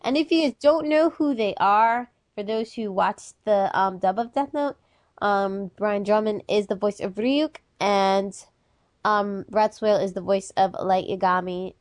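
A woman co-hosting a casual podcast, bubbly and excitable, chatty with lots of fillers. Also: mid-range voice, measured pace, no room sound, clean studio sound. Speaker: podcast co-host. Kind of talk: casual chat.

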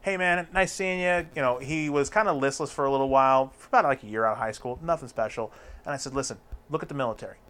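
A man's voice: mid-range voice, racing. A man telling a long story in a casual chat, rambling and swearing freely as he goes. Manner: profane, rambling, animated storyteller.

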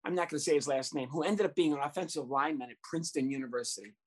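Husky man telling a funny story. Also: fairly high pitch, racing. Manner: animated, breaks into laughter and acts out voices. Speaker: guest storyteller, former youth baseball coach. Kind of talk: comic anecdote telling.

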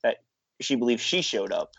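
Man, mid-pitch, casual panelist; laughs a lot, stumbles and restarts; dull lo-fi sound. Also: animated, normal speed, a bit bright, no echo. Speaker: podcast panelist. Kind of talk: casual chat. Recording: dull lo-fi audio.

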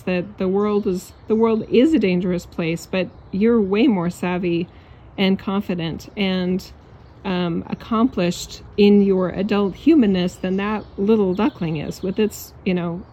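A woman's voice: medium pitch, dark tone. A woman speaking as a spiritual coach in a casual pep talk outdoors in a yard. She is blunt and emphatic, swears, and laughs often.

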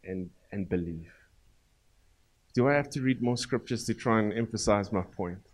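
A man with a South African accent preaching a sermon as pastor, swinging between loud emphatic lines and quiet asides. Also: fairly low pitch, moderate pace.

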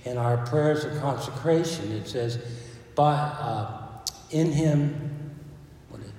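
Man, priest, conversational sermon, warm mellow voice, distant mic, big echoey church hall. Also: medium pitch, slow. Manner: conversational, with asides and restarts.

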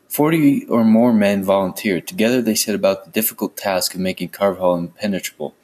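A man's voice: fairly low pitch, brisk, few pauses, darkish tone. A man reading a fantasy novel aloud in a plain way, with small stumbles. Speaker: reader.

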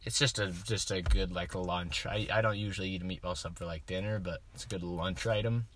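A man's voice: low-pitched, fairly even intonation, a little fast, a bit bright, a little hiss or hum. A young man co-hosting a casual podcast from inside a hot car, hesitant with frequent ums. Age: young adult. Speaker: podcast co-host. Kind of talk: casual chat.

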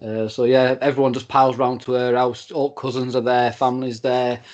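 Easygoing man, mid pitch. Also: level tone, moderate pace, a little mellow, dull audio. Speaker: podcast co-host. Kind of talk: casual chat.

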